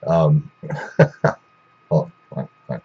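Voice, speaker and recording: A man's voice: a bass voice, lively intonation, extremely slow, darkish tone, slightly rough, dull audio. A man telling a rambling, profane story in a casual way, with lots of restarts.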